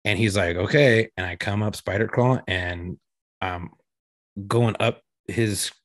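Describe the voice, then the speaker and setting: A man's voice: fairly low pitch, slow pace, no echo. A man, a police officer, telling a profane story in casual chat and acting out the quotes with animation.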